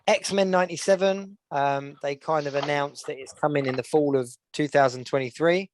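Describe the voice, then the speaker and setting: A man co-hosting a podcast, chatting casually and listing news with many pauses. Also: fairly high pitch, steady tone, a little hiss or hum. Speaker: podcast co-host. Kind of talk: casual chat.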